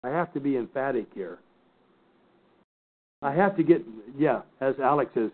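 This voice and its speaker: An older man teaching a Bible class, slowly and emphatically picking apart scripture word by word. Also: mid-range voice, lively intonation. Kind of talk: Bible study lecture. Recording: tinny phone-like recording.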